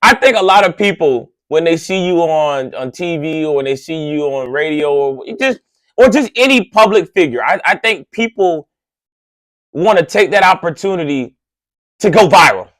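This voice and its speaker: A man who hosts a radio show, telling a story in an animated monologue, slangy and excitable, often tossing in "right?" asides and getting loud and high when worked up. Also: normal speed, no room sound. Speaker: radio host.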